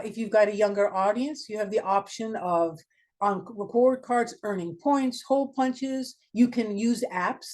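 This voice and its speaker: Woman presenter for a small-business webinar, direct and emphatic, mid-pitched voice, peppers the talk with rhetorical questions. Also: darkish tone. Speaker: marketing consultant, guest speaker.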